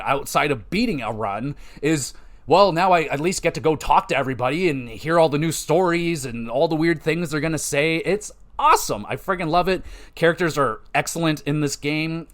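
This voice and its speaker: Young Canadian male podcast host, slightly higher voice, casual and profane, enthusiastic game reviewer. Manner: excited, profane, quick mimicry of characters.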